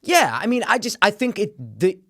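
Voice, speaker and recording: A man co-hosting a podcast, giving a blunt, profane, animated rant in casual review chat. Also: high-pitched, normal speed. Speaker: podcast co-host.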